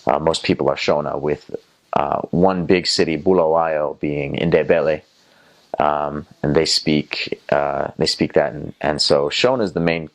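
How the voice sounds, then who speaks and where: Deep-voiced Southern American young man. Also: steady tone, a little slow. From North Carolina, USA. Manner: rambling with many fillers and restarts, mimics voices. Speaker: former missionary. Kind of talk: casual first-person storytelling.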